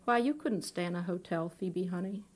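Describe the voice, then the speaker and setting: A woman's voice: on the low side, moderate pace, close to an everyday voice. Woman reading a brittle sugary widow, sweet but pushy. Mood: insistent. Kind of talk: live fiction reading.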